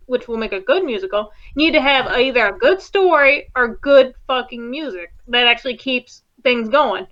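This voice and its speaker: Blunt bright-voiced woman, lo-fi mic. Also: sits high. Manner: blunt, profane, exasperated. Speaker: co-host. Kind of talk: casual movie review chat.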